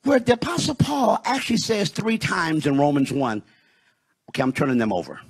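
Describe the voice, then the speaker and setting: A pastor from Detroit preaching a sermon in a church, rising into shouted, sung peaks and slowing for emphasis. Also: male voice, on the high side, animated, husky. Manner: preaching with shouted, sung rises and dramatic slowdowns. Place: church sanctuary.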